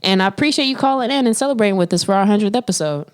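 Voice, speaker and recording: A woman co-hosting a relaxed podcast, trading playful slang-filled banter and laughing often. Her voice sits at an ordinary middle pitch. She keeps the talk loose and friendly. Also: very fast, smooth. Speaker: podcast co-host. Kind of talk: casual chat.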